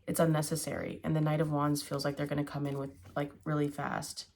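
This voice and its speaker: A woman's voice: low-pitched, monotone, a little fast, creaky, darkish tone. A woman giving a casual tarot reading, musing aloud with hums and fillers as she turns each card. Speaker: tarot reader.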